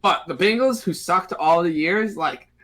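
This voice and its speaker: A man co-hosting a sports podcast, excitable and laughing often, repeating words for emphasis. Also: high-pitched, a little slow. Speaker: podcast co-host. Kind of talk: casual sports chat.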